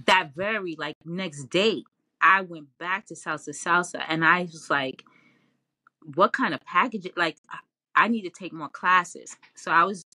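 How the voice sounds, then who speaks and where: A woman guest in a casual interview, telling her story in an animated way with lots of laughs and fillers. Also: fairly low pitch, dry recording. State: tearful, near crying.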